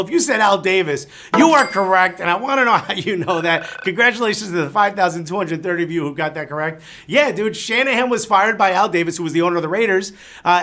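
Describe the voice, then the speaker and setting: A man's voice: high-pitched, fairly bright tone. A Cuban American man hosting a live trivia game show, reading questions and cracking chatty jokes between them.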